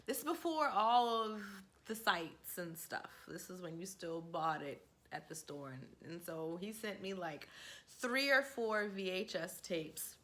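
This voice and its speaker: Bright-voiced woman in her forties telling a story. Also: fairly low pitch, measured pace. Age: 40s. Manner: candid, laughing, animated quoting. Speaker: vlogger. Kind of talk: casual storytelling to camera.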